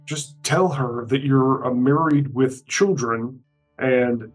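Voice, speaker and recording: A male player at a tabletop game speaks in a mid-pitched, husky voice. He floats ideas tentatively and sounds casual and offhand about them. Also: slow, faint music behind, poor audio.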